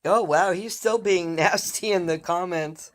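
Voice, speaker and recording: Low, slow-talking blunt woman. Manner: blunt and heavily profane; fired-up ranting to viewers. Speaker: live streamer. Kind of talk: casual live-stream chat.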